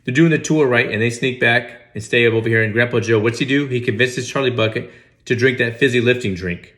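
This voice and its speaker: A man's voice: medium pitch, fairly quick, a bit bright. A man giving casual comedic movie commentary, sarcastic and incredulous with mock outrage. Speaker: movie reaction host.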